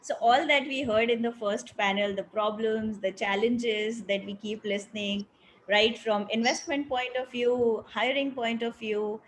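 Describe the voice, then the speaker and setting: A woman's voice: fairly high pitch, fairly even intonation, unhurried, a little hiss or hum, low-quality recording. Woman moderating a panel. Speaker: panel moderator, company CEO.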